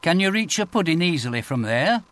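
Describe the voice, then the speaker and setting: A man's voice: a little high, big pitch swings, a little fast, fairly bright tone, voice pushed up. A man voicing a small, fussy female hospital nurse in an audiobook. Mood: fussing. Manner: fussy, solicitous. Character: older male hospital nurse, brisk and petite.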